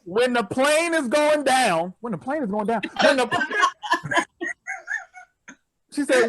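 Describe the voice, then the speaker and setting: A man doing a virtual stand-up comedy set over a video call, telling stories with animated, incredulous outbursts. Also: very high-pitched, slow pace, pauses often.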